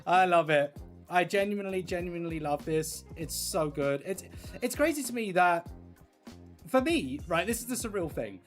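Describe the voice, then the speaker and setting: A livestream host and content creator chatting casually with viewers while colouring, excitable and gushing. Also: medium pitch, moderate pace, faint music behind. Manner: excitable and gushing, talking to chat.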